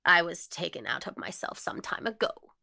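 Woman reads a possessive, ghostly old maid for an audio story; hushed one moment, wailing the next, with a lively, bright voice. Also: fairly low pitch, moderate pace, vocal fry, no room sound, studio quality, exaggerated voice. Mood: agitated. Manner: shifts from wistful whispers to jealous wails. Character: eccentric, secretive old spinster, possessive and ghostly.

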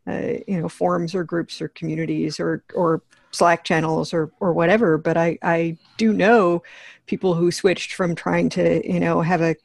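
A woman on a podcast, chatting casually in a halting way with many fillers. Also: fairly low pitch, flat delivery, gravelly, darkish tone, no room sound. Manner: halting, many "you know"s and restarts. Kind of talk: casual chat.

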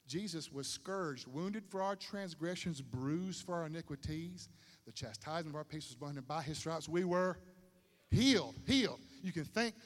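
High-voiced, animated male preacher. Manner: animated, conversational preaching with slang asides. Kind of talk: sermon. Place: stadium. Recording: long hall reverb.

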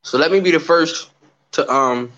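A man co-hosting a podcast in casual chat, animated and playful, acting out little quotes as he talks. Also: a little high, normal speed, lo-fi sound. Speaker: podcast co-host.

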